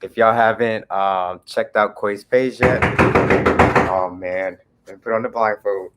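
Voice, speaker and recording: Slow, low-voiced young man on a livestream. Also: steady tone, fairly bright tone, a little hiss or hum. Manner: slow, laid-back talk, greeting viewers by name. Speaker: livestream host. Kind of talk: casual livestream chat.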